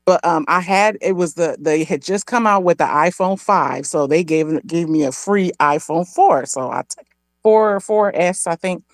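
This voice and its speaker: Animated woman, low voice, dry close mic. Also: normal speed, no room sound. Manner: animated storyteller, jumps into high-pitched quoted voices. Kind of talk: casual chat.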